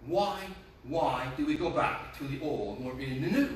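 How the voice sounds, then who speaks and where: Impassioned preacher in an echoey hall. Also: male voice, mid-range voice, lively intonation, moderate pace, few pauses, a little hiss or hum. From North Jersey, USA. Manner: impassioned, hammering rhetorical questions and repeated phrases. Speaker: pastor. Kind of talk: sermon. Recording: very echoey room, mic at a distance.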